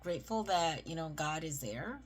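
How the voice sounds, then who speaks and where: A woman with a low voice reads a psalm and then talks through it in a casual, chatty way. She keeps checking in with her listener as she speaks, and she leans hard on the points she wants to land. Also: animated, moderate pace, a little hiss or hum. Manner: chatty, often asks "right?" and leans on emphasis. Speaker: Bible reading video host. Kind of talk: casual devotional talk and scripture reading.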